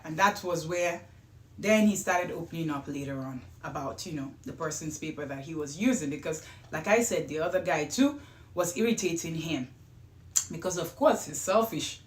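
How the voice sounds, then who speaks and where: A woman hosting a show, telling a true-life story in a chatty, rambling way with excited bursts. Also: deep voice, moderate pace. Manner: chatty, wandering asides, gets louder and excited at times. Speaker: host. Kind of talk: casual storytelling. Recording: roomy echo.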